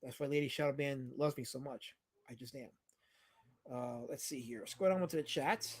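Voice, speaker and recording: A man's voice: mid-range voice, normal speed, slightly rough. A man hosting a casual livestream, rambling about old movies and teasing his chat. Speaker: livestream host.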